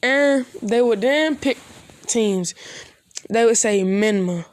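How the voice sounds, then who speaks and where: A woman's voice: fairly high pitch, slow, dry recording. A woman casually telling a made-up fan story in a rambling, loose, slangy way.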